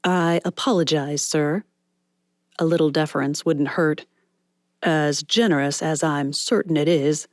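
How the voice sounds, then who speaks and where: A woman narrator voicing a reluctant young male film star who speaks quietly and hesitantly. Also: on the high side, fairly even intonation, measured pace, dry recording, clean studio sound, natural voice. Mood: firm.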